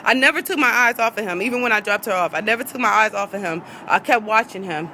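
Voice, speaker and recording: A woman's voice: medium pitch, quick pace, bright, forceful tone, a little hiss or hum, poor audio. A woman, a vlogger in an angry rant to her viewers, heated, profane and repeating herself.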